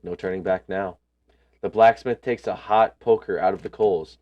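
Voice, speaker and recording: A man's voice: low voice, fairly even intonation, normal speed, lo-fi sound. A man reading a story game's text aloud, breaking in with casual slangy asides.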